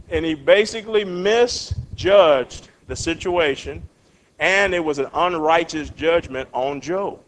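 A man leads a Bible study in a fairly high voice. He reads verses aloud and acts out the words of the people in them. He keeps turning to his class with questions. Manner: animated, acts out quotes, asks the class questions.

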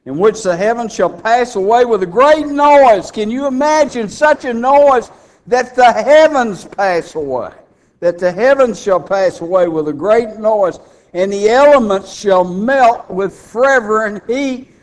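A man preaching a radio sermon in a folksy, emphatic way, rising to loud fervent peaks. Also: high-pitched, animated, measured pace.

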